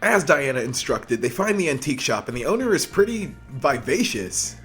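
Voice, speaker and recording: A man's voice: medium pitch, very animated, normal speed, fairly bright tone, slightly rough, faint music behind. A man giving a casual episode review, with wry, joking asides. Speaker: anime reviewer.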